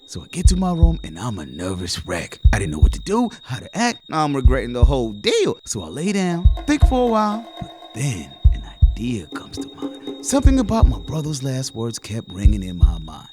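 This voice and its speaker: A man telling a comedic story from his childhood for an animated video, with an exaggerated, animated delivery. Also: brisk, hardly any pauses. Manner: animated, exaggerated delivery with big pitch jumps. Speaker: storyteller and channel host. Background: background music.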